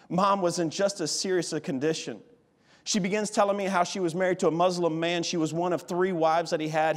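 A man preaching a revival sermon as a guest missionary, telling stories with passion and speaking in character as a biblical figure. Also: high voice. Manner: impassioned storytelling, voices Boaz addressing Ruth. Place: church sanctuary. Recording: long church hall reverb.

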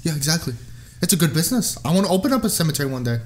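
A man's voice: a little high, very fast. A man co-hosting a casual podcast, joking and telling stories. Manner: joking, provocative, animated storyteller. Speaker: podcast co-host. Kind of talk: casual podcast chat, storytelling.

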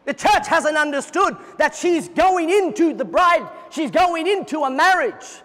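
A man preaching a fervent sermon as pastor at a church service, at times breaking into shouts. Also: very high voice, lively intonation, measured pace, in a large hall.

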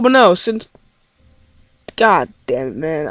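A man's voice: sits high, moderate pace. A man giving rambling let's play commentary on his game, easily frustrated and swearing often. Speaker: gaming commentator.

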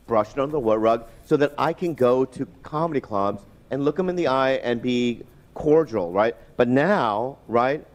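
A man's voice: mid-range voice, moderate pace. A man, a podcast guest, rambling and swearing and often asking for agreement. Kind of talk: casual interview talk.

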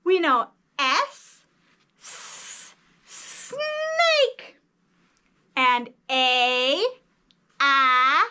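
Woman, early reading teacher: very high, slow, sing-song phonics delivery for small kids. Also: big pitch swings, noisy background. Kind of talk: children's phonics lesson.

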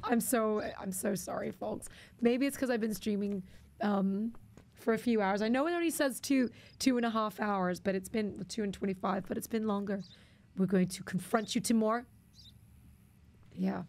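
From her home streaming setup, a woman plays a game live and keeps up casual commentary, talking to herself and her chat while joking and teasing viewers. Her voice is mid-range with a darkish tone, at a normal speed.

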